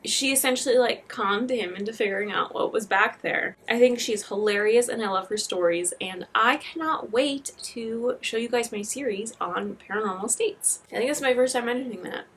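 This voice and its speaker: A woman's voice: a little high, moderate pace, a bit bright, slightly rough. Chatty woman host, enthusiastic. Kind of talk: casual commentary.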